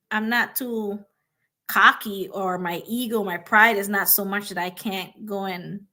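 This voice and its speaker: A woman hosts a motivational talk in a medium-pitched, slightly bright voice. She is emphatic and repeats her points, frequently checking in with "right?".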